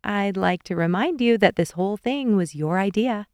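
A woman voicing a bubbly, apologetic young woman in an audiobook, reading her lines higher and livelier. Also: moderate pace, darkish tone, clear, resonant tone, no echo, studio quality, lightly acted. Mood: playful.

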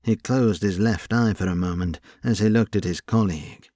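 The narrator is a man with a lowish voice reading an audiobook script in an even, measured storytelling style, captured in a dry, studio-quality recording.

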